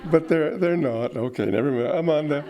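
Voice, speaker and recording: A man's voice: fairly high pitch, brisk, gravelly, heavy background noise. An older man giving an informal spiritual talk, reflective, with chuckling asides and playful mimicry. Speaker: spiritual teacher.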